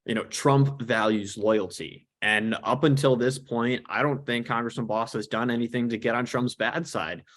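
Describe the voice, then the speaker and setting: A man panelist in a casual political discussion, speaking slowly and deliberately. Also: medium pitch, steady tone, a bit bright.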